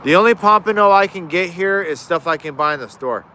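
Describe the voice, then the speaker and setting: Male livestream host, crisp bright tone, loose chatty delivery answering chat outdoors. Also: sits high, animated, brisk, a little hiss or hum. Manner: rambling, frequent restarts, answers chat. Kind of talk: casual live Q&A chat. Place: outdoors in his yard.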